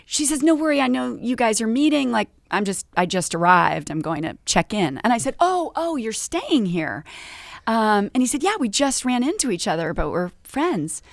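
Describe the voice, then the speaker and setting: A woman's voice: a little high, expressive, fairly quick, creaky, hardly any pauses, no room sound, studio quality. A middle-aged woman chatting as a podcast guest. She tells an anecdote with energy and acts out the dialogue she quotes. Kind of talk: casual chat, anecdote. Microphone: studio podcast mic.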